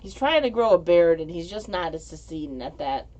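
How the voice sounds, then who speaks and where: A woman's voice: on the low side, lively intonation, normal speed, mellow. A woman hosting a casual livestream from home, rambling and giggly, often tripping over her words as she reads the chat. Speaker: livestream host reading chat.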